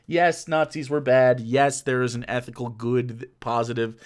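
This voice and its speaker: Reacting to a video on a live stream, this young man keeps up casual commentary full of sarcastic, rambling rants and frequent swearing. He speaks at a measured pace, with a medium pitch and a level tone.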